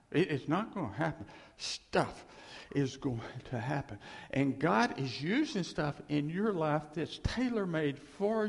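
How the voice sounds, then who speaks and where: Husky preacher in an echoing hall. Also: male voice, on the high side. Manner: animated, self-deprecating, rambling asides. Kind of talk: informal sermon.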